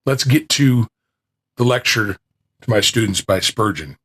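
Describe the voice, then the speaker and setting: A man's voice: lowish voice, expressive, measured pace, fairly bright tone, husky. A man hosting a small podcast, chatting casually with restarts, then reading an old lecture aloud, his voice still recovering. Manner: rambling and self-deprecating, with restarts.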